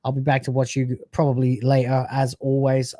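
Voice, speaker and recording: A man's voice: medium pitch, monotone, normal speed, mellow, dry recording, clean studio sound. A man hosting a live stream, chatting casually with brash, sarcastic, crude banter.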